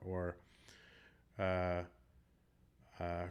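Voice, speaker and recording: A man's voice: sits low, flat delivery, slow, pauses often, smooth. Chatty man calling a game. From Boston. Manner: chatty, rambling, joking asides. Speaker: tournament commentator. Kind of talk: casual live game commentary.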